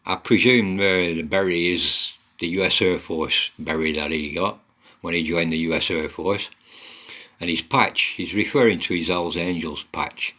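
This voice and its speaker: A man's voice: low voice, steady tone, normal speed, pushed and bright. A man giving blunt, mocking commentary on online posts, swearing a lot as he goes.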